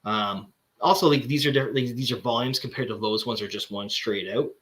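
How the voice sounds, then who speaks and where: A man's voice: medium pitch, a little fast, a bit bright. A man hosting a casual chat, showing off comic books and rambling with lots of fillers and restarts. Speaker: comic collector host.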